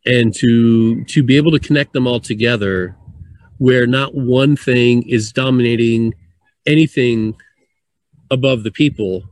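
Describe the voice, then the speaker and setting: Relaxed man talking wine, dry sound. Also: mid-range voice, measured pace, dry recording. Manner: relaxed, chatty, laughs between points. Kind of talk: casual conversation.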